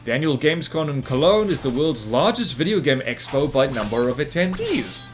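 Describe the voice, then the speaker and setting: A New Zealand man with a New Zealand accent gives rambling, self-mocking commentary over his gameplay. His voice is on the high side with big pitch swings, his pace brisk, and faint music plays behind him.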